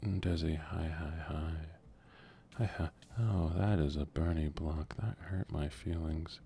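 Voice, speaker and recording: A man with an exceptionally deep, dark, mellow voice talks quietly while he streams a game. He drawls along at low volume and often sinks into a whisper close to the mic. A faint hum of noise sits under the voice. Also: fairly even intonation, a little slow, gravelly. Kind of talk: soft-spoken gaming stream.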